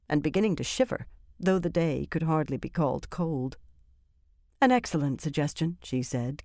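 A woman narrates a fantasy novel in a measured, even storytelling manner. Her voice sits low. The recording is dry and close, with no room sound. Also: dry recording. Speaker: audiobook narrator.

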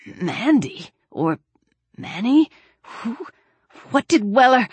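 A woman's voice: fairly high pitch, big pitch swings, slow, slightly rough, dry recording, pitched above the performer's own voice, full character voice. A woman voicing a badly wounded young man who gasps and cries out in short, strained bursts. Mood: fading. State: gasping in pain.

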